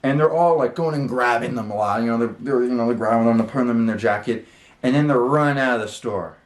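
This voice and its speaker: A man's voice: medium pitch, fast talker, roomy sound. A man hosting his channel, telling a story in a casual, rambling way, with lots of fillers and the odd swear word. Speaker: channel host. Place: his room.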